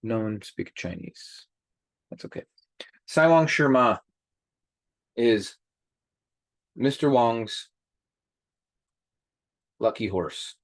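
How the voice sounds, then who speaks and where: A man hosting a group call, talking in an animated way and speaking straight to his listeners. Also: mid-range voice, extremely slow, long pauses, no echo, clean studio sound. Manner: animated, addresses listeners directly. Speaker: host. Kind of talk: motivational group call talk.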